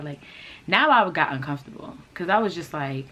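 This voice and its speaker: Blunt, low-voiced woman telling a story. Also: animated, brisk, bright, forceful tone, rough recording. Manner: blunt, profane, exasperated ranting. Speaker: fashion channel host. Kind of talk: storytime vlog.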